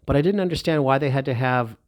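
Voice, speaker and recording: A middle-aged man telling a personal story in a lively, heartfelt way. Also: mid-range voice, quick pace, slight background noise. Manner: animated, emotional, lively retelling.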